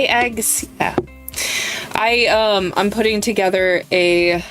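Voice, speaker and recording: A young woman streamer with a playful, giggly manner, chatting to her viewers and reading the game's dialogue aloud. She talks at an unhurried, drawn-out pace, sometimes slipping into voices for the characters. Soft game music plays faintly behind her. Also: fairly low pitch. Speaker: streamer playing a visual novel. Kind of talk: casual live-stream chat and reading game text aloud.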